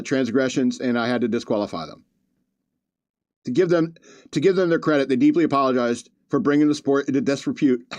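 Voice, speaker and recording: A man's voice: medium pitch, darkish tone, dry recording. Male podcast host, casual comedic commentary, reads news with asides, dry close mic. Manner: chatty, reads news aloud with asides and chuckles.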